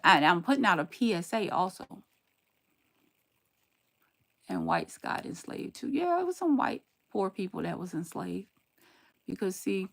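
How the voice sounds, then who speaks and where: An older woman hosts a live stream, reading out comments and answering them with blunt, sarcastic warnings. Her voice is gravelly with a lot of fry, and her pitch swings widely from phrase to phrase. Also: a bit bright. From southern United States. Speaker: livestreamer.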